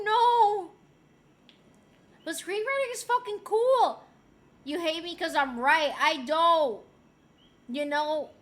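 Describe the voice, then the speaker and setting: A young woman chats loosely on her stream and reads out chat messages in a high voice. She swears and laughs easily, and her tone stays relaxed and unscripted. Her throat sounds a little sore. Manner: chatty and loose, swears freely, laughs often. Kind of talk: casual chat stream, reading chat aloud.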